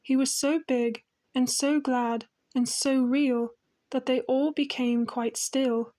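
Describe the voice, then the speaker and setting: A woman narrating a children's fantasy audiobook in a gentle, even manner. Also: high-pitched, slow. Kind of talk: storybook narration.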